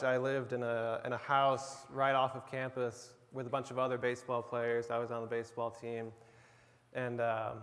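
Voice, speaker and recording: A young man preaching a sermon in a relaxed, conversational storytelling way, with casual asides to listeners. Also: medium pitch. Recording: long reverb of a large room.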